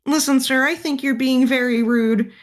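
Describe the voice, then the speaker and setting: A woman's voice: high-pitched, fairly even intonation, normal speed, lightly acted. A woman playing an indignant office employee who scolds a customer in a tabletop game. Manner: prim, indignant.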